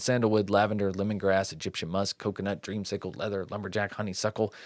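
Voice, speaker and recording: A man's voice: mid-range voice, no echo, clean studio sound. Upbeat man reading podcast ads. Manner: upbeat, playful, rattles off sponsor copy fast. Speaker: podcast co-host. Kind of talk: casual chat and read-out ad. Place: studio.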